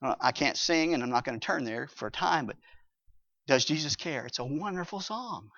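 Male pastor mid-sermon, emphatic and expressive, swinging between hushed and loud; muffled lo-fi audio. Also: a little high, moderate pace. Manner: reads scripture aloud. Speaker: preacher. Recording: dull lo-fi recording.

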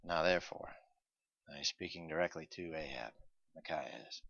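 A male preacher reading scripture aloud and explaining it, swinging from quiet explanation to loud, urgent pleading. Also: extremely low pitch, a little fast, gravelly, husky, no echo, dull audio. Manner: reads old-fashioned scripture aloud with emphasis. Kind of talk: sermon reading and expounding scripture.

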